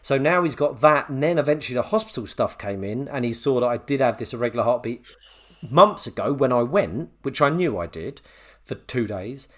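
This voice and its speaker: A man co-hosting a podcast, telling a story with lively re-enactments of a phone call. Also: medium pitch, brisk. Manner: animated storyteller, acts out both sides of a phone call. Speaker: podcast co-host. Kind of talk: casual chat, storytelling.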